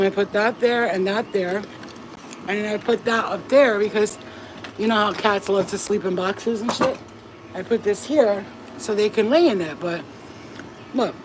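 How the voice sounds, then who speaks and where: A woman chats casually on a home vlog, slipping into cooing baby talk for her animals. She swears offhandedly between the sweet talk. Her voice sits in a middling register, and clear background noise runs under the recording. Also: mid-range voice. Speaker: vlogger. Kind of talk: casual vlog chat while caring for pets. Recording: noisy home video with ambient sound.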